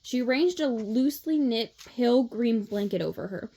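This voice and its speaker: Woman reading a storybook aloud, higher voice. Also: normal speed. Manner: steady reading with small slips and self-corrections. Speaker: read-along narrator. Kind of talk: reading a children's novel aloud.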